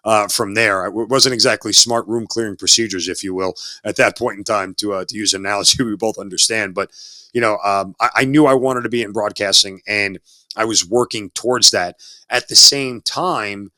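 His voice sits fairly low, with fairly even intonation, a moderate pace, and a bright, forceful tone, and there's no echo. He's a former Army officer in his forties, a guest in an interview, telling his story reflectively and repeating words whenever he restarts.

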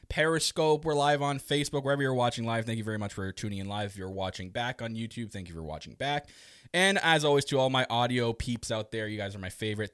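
A man's voice: lowish voice, dry recording. Guy hosting a podcast, chatty and loose, a bit of a burned-tongue lisp, dry close mic. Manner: lively, laughs often, swears casually. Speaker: podcast host. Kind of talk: casual live podcast chat.

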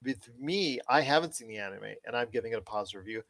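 A man co-hosting a casual pop-culture podcast, talking with animated, enthusiastic swings in his voice. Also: medium pitch, fast talker. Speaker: podcast co-host.

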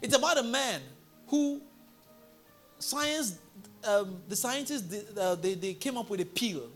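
A male pastor preaching a sermon in a church, telling a story and building to loud, emphatic declarations. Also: high-pitched, animated, takes it slowly, soft background music.

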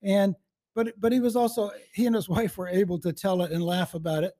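A man in his seventies chatting as an interview guest, rambling warmly through anecdotes with frequent restarts and chuckles. His voice is somewhat high-pitched yet soft and mellow in tone. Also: little pitch movement, brisk. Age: 70s. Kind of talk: casual interview with storytelling.

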